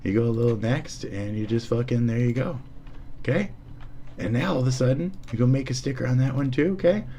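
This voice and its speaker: A man with a medium-pitched, mellow voice talks fairly quickly while live streaming a demo of an editing program. He rambles, swears, and mocks sarcastically, often trailing into mutters, with slight background noise.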